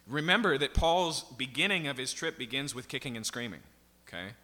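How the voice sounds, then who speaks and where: A man preaching a verse-by-verse sermon, his voice piercingly bright and forceful. He presses each point and keeps turning to the congregation with "right?" and "okay?". The sound rings with the long reverb of a large church hall. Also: mid-range voice, expressive, fairly quick. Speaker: pastor. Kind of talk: expository sermon.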